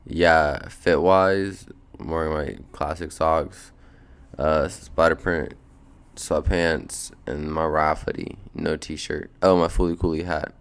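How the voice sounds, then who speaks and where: A very deep, smooth, steady voice comes from a drowsy young podcast host who has just gotten up and is lounging on a beanbag at home. He speaks slowly, rambling casually and slangily in an easygoing chat.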